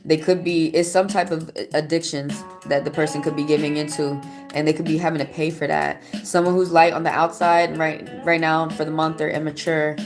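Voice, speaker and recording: Her voice sits low, and she talks fairly quickly in a flat way while doing a casual tarot reading on a live stream. She reads viewer comments aloud and responds loosely, rambling with fillers and restarts. Music can be heard behind her.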